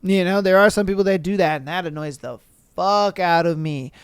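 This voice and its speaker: A man's voice: high voice, fairly quick, smooth, no room sound, clean studio sound. A young man hosting a solo podcast, reading gym stories aloud and ranting about them in a casual, profane, exasperated way. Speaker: podcast host.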